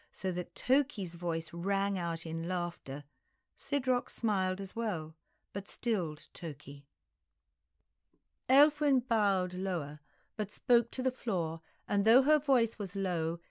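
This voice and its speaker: Slow, measured woman audiobook narrator. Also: lowish voice, animated, a little mellow, dry recording, clean studio sound. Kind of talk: first-person audiobook narration.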